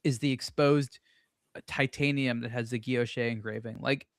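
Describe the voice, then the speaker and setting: A man chatting casually on a watch panel show, wry and joking, talking in quick bursts. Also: medium pitch, fairly even intonation, dry recording, studio quality. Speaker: watch blogger and show regular.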